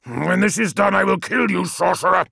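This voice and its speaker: A man plays a furious wolf warrior who snarls and growls out loud threats. The voice is raised well above the narrator's usual pitch and sounds gravelly. It is dry and close, as in an audiobook. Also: moderate pace, no echo, full character voice.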